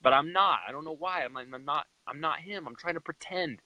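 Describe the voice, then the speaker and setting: A man's voice: on the high side, a little fast, no echo, lo-fi sound. A young man from Utah, a guest in a live chat, retelling a personal story with emotion and animation.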